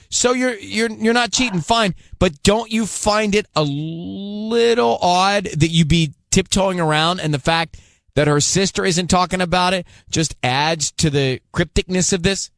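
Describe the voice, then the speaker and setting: A man's voice: high voice, unhurried, a bit bright, no echo. A man hosting a radio call-in segment, pressing a caller with incredulous questions. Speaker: radio host.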